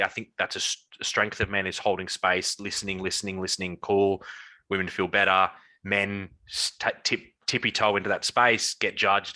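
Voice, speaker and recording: Young guy coach chatting on a podcast, low pitch, restarts a lot, earnest. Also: low-quality recording. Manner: earnest, animated storytelling with many restarts. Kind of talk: casual chat.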